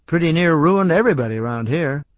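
A chatty small-town businessman with a folksy drawl, voiced by a male storyteller. He talks in homespun, easygoing phrases, pitched a little up. The recording is dry and slightly dull, like a close studio read. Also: expressive, quick pace, no room sound, natural voice.

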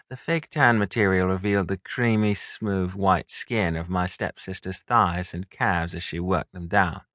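A man reading an audiobook as a first-person narrator in a measured, intimate storytelling manner, recorded close in a studio. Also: deep voice, sharp tone, dry recording.

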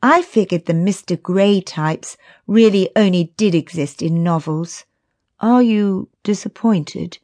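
A woman's voice: fairly low pitch, measured pace, hardly any pauses, a little mellow, no echo. A woman narrating a first-person romance audiobook in a wry, conversational way.

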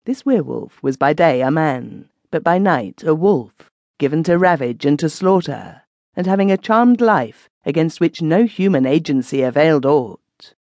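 A woman narrating an old legend in measured, archaic storytelling. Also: low-pitched, expressive, darkish tone, dry recording. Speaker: audiobook narrator. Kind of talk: scripted narration.

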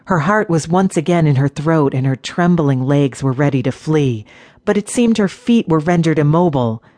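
Female audiobook narrator, steady measured fantasy read, dry close sound. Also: deep voice, dry recording.

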